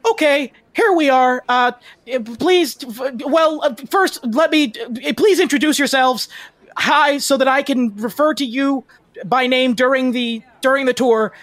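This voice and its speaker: A man's voice: very high-pitched, unhurried, a bit bright, no room sound, voice pushed up. A man voicing a nervous, sweaty male ancestor spirit who works as a city tour guide, talking in an eager, overly polite, formal way.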